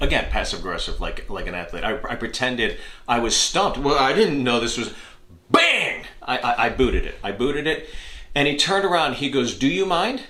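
A man tells a story with an animated delivery, acting out voices and laughing at himself. His voice is bright and forceful, and the room is echoey. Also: mid-range voice. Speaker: comedian podcast host. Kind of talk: storytelling monologue.

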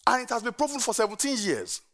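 Middle-aged male pastor, sermon, animated and coaxing, gravelly high voice. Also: quick pace. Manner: animated storytelling, urging the congregation to respond.

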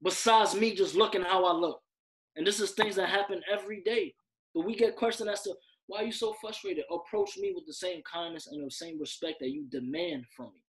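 High-voiced frustrated man, emphatic. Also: lively intonation, a little fast, a bit bright, poor audio. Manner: frustrated, emphatic, repeats himself. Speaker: podcast co-host. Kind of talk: heated podcast conversation.

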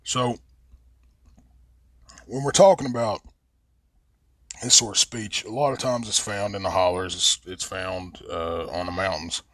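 Appalachian mountain man host, low voice, dry close mic, rambling, profane, drawn-out vowels. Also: steady tone, fairly bright tone, no room sound. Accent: Southern Appalachian. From West Virginia. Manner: rambling, cusses freely, drawls and stretches vowels. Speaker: podcast host. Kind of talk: casual profane monologue.

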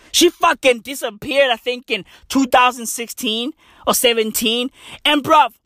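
Podcaster, man, lively swings in pitch, bright tone, dry close sound, swears and says bruv. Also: dry recording. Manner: swearing, slangy, says "bruv" and "right?" often. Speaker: podcast host. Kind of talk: animated storytelling monologue.

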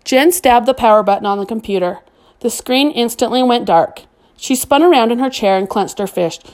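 A woman reading a novel aloud as an audiobook narrator, in a steady, expressive storytelling manner. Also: a little high, moderate pace.

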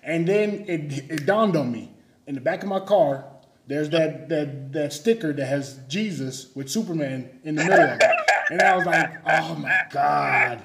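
A man in casual faith talk, telling stories about himself in an animated, self-mocking way. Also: a little high, moderate pace, roomy sound, noisy background.

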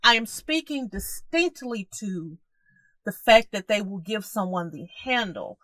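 A woman co-hosting a casual podcast who argues her points emphatically and repeats phrases for stress. Her pitch moves a lot and her tone is bright. The recording is dry and close to the mic. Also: animated, unhurried, no echo. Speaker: podcast co-host. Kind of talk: casual chat about current events.

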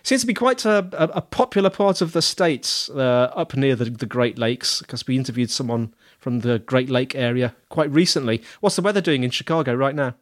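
A man's voice: medium pitch, moderate pace, hardly any pauses. A man hosting a podcast interview, with dry jokes and a bit of stammering. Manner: dry, joking, some stammering. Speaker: podcast host.

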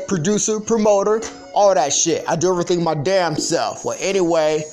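High-voiced man ranting, cursing freely. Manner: profane, animated storytelling, mimics others in a higher voice. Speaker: podcast host. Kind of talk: casual ranting monologue.

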